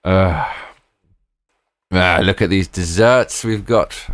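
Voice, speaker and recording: A British man hosting a live stream in casual, rambling chat, often breaking into excited exclamations. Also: deep voice, takes it slowly, no room sound.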